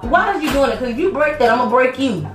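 A woman's voice: sits high, expressive, quick pace, fairly bright tone. A woman doing a casual grocery haul vlog at home, sassy and teasing, scolding her kids between prices. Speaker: family vlogger. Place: home kitchen with children around. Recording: echoey kitchen, music underneath.

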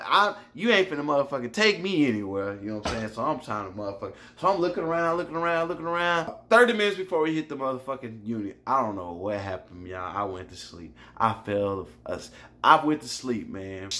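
A man telling a personal story in a casual vlog, animated and profane, often turning to address his listeners directly. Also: mid-range voice.

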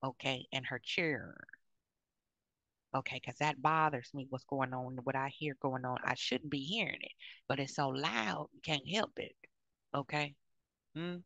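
A woman's voice: extremely low pitch, a little slow, bright, forceful tone, no room sound. A woman in her fifties giving blunt, outspoken advice to other women, often checking in with "okay?". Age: 50s. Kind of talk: frank advice monologue.

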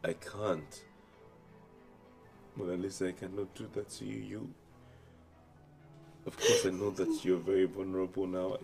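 An actor with a Nigerian accent playing a young man calling off his wedding, calm, apologetic and evasive in a film drama. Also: deep voice, unhurried, creaky, long pauses, faint music behind.

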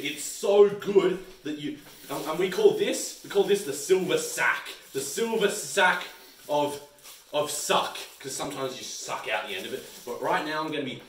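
A man's voice: on the high side, slight background noise. A young Australian man hosting a mock cooking show in a kitchen, sarcastic and swearing a lot. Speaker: comedy cooking host. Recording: echoey kitchen, mic far off.

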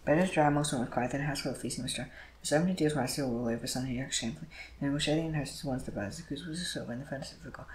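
A man reading scripture aloud, moving quickly and often stumbling over words and starting lines again. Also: mid-range voice, a little hiss or hum, low-quality recording. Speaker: Bible reader.

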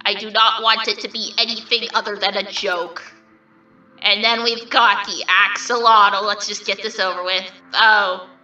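A woman's voice: medium pitch, fairly even intonation, a little slow, sharp tone, echoey room, distant mic, highs cut off, faint music behind. A woman voicing a vain, mischievous male triangle dream demon who reacts to fan art in a smug, theatrical, mock-offended way.

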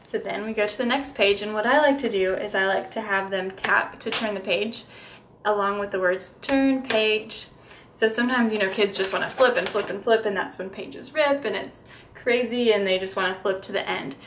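With background noise behind her mid-range voice at normal speed, a young speech therapist demonstrates how to read picture books with toddlers. As she explains, she drifts into exaggerated, sing-song child-directed sounds.

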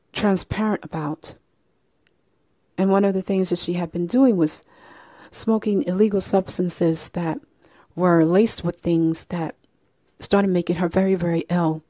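A woman hosting her own show, telling a family story at a measured pace. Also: fairly low pitch, mellow, no echo, studio quality. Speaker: host.

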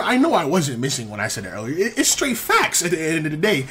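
A young man giving casual gameplay commentary, animated and exasperated, full of slang and repeated phrases. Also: high voice, brisk, husky. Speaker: gaming commentator.

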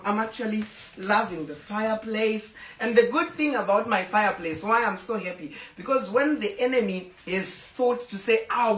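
A woman's voice: mid-range voice, fairly bright tone. Woman on a live video, emotional, rambling, distant from the mic, dull roomy sound. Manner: talks to fans, stops to scold her dogs. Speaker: social media personality. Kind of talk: casual live video to fans. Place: home with a fireplace.

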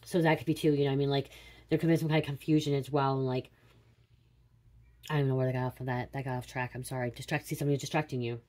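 A woman's voice: rumbling low, fairly even intonation, very fast, darkish tone. A woman in her late thirties doing a casual psychic reading, rambling and confiding with casual swearing. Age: 30s. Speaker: tarot reader.

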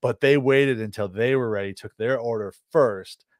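A man's voice: mid-range voice, moderate pace, no echo, studio quality. Chatty man telling a rambling story. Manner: rambling, animated, exasperated asides. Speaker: podcast co-host. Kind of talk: casual storytelling chat.

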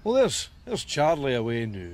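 Crude old Scottish pensioner, gruff and cheeky, lively bouncing pitch. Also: male voice, normal speed, a little hiss or hum. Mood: wistful. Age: older. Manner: gruff, bickering, bawdy banter. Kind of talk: sketch comedy acting.

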